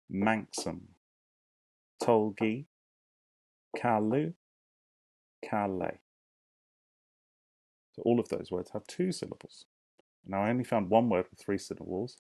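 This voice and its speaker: A deep-voiced man with a gravelly edge leads a recorded lesson for young children. He speaks slowly and encouragingly, sounding each word out clearly and inviting the class to say it with him. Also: dark tone. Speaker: primary school teacher.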